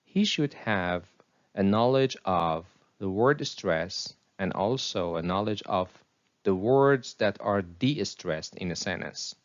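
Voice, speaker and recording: A man narrating a scripted English pronunciation lesson, reading example sentences slowly and deliberately. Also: sits low, lively intonation, lo-fi sound.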